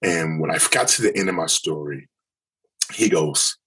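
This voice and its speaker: Deep-voiced husky man, halting and earnest. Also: a bit bright, poor audio. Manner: earnest, halting with many restarts. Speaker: guest telling his story. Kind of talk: candid personal testimony.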